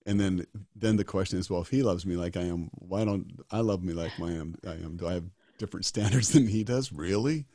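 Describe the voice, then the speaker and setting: A man's voice: low-pitched, fairly quick, few pauses, dark tone, no room sound, clean studio sound. A man in his sixties, a disaster doctor as a guest, talking earnestly and emphatically and repeating his key phrases. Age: 60s. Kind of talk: earnest interview talk.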